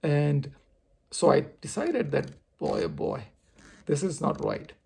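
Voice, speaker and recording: A man telling a personal story on his vlog, expressive and poking fun at himself. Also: a little high, slow pace, gravelly, husky. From India. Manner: expressive, self-mocking storyteller. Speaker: vlogger.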